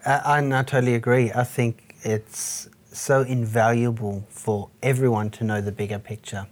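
A man's voice: medium pitch, steady tone, normal speed. A man hosting a casual interview, chatty and agreeable, with plenty of fillers. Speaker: podcast host.

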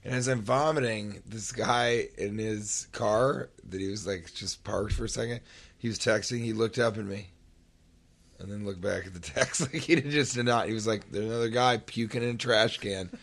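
A man's voice: lowish voice, normal speed, gravelly. A man hosting a podcast, casually telling a comic story and acting out the sounds and voices in it. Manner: animated, acts out sounds and voices. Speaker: podcast host.

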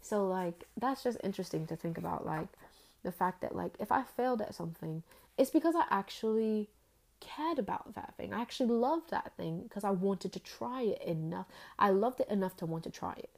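A woman's voice: medium pitch, expressive, moderate pace, gravelly. A young woman talking earnestly in a casual faith vlog, rambling and full of fillers.

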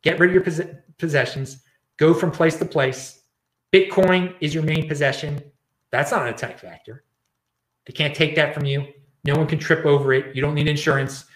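A man's voice: on the high side, normal speed, echoey room. A man hosting his own show, ranting in casual commentary and often repeating and restarting words. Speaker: show host.

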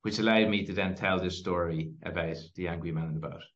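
A man with a fairly low voice, speaking as a guest on a podcast. He tells stories in an animated way, with plenty of fillers. The audio sounds dull and lo-fi. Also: quick pace. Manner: animated storyteller, lots of fillers. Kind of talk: casual interview storytelling.

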